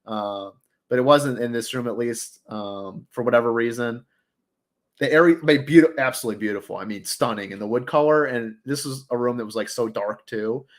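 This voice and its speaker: A man hosting a casual review chat, enthusiastic and rambling, often restarting his sentences. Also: medium pitch. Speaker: audio reviewer host.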